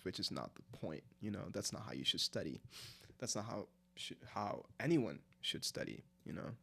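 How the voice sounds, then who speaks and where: A man in his 20s with a fairly low, creaky voice rambles casually through a late-night live stream. Heavy on filler words, he answers the chat aloud as he goes.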